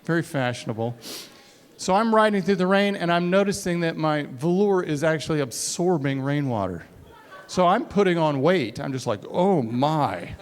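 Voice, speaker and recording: A man's voice: a little high, animated, normal speed. A man telling a self-mocking personal story to a live audience on stage, acting out the dialogue. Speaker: speaker. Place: stage before a college audience.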